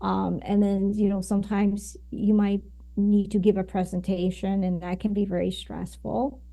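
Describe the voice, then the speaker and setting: A woman's voice: medium pitch, little pitch movement, moderate pace, creaky, warm tone. A woman guest on a podcast, explaining her ideas at length, with many fillers and "right?"s. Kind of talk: conversational interview.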